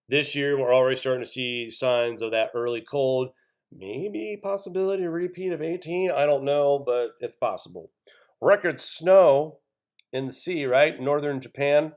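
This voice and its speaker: A mid-pitched man hosts his own channel, reading out weather reports and breaking off to comment. His tone is indignant and conversational, and he keeps turning to his viewers to address them as folks. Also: darkish tone. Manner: reads news items aloud then comments. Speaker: channel host.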